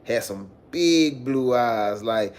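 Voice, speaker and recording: A man's voice: mid-range voice, animated, takes it slowly. A young man telling a long story to his livestream chat in casual, profane, slangy speech, acting out the quotes. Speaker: livestream host.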